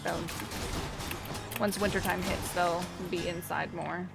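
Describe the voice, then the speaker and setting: A woman's voice: fairly low pitch, fairly even intonation, slow pace, gravelly. Chatty woman streaming a game. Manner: chatty, thinking aloud, reading game text. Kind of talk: casual gaming stream chat. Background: game music.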